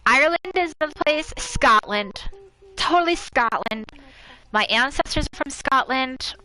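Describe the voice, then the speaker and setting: Bright, chatty American woman streamer. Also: high-pitched, animated, a little slow, poor audio. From United States. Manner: chatty, laughs often, reads items aloud. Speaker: gaming streamer. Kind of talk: casual let's-play chat.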